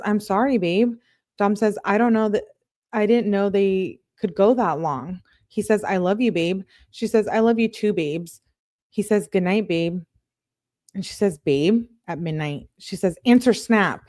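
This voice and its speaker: Young woman reading out texts n chatting about them, dry close sound, normal pitch. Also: mellow, no room sound. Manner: casual, chatty asides while reading. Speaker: true crime commentator. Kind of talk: reading text messages aloud with commentary.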